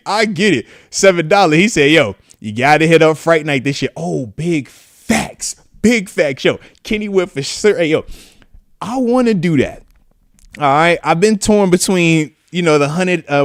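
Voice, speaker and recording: A man's voice: on the high side, no room sound, clean studio sound. A man in his thirties from the United States hosting a live show, chatting casually in slang and reacting to viewer comments. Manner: animated, slangy, shouts out viewers, breaks into screams when acting out riders. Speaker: podcast host, retired football player. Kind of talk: casual live-stream chat reading comments.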